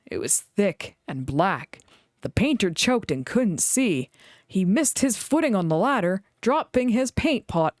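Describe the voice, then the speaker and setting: Animated woman reading a children's book. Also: medium pitch, no echo, studio quality. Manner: animated, expressive storytelling. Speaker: storybook reader.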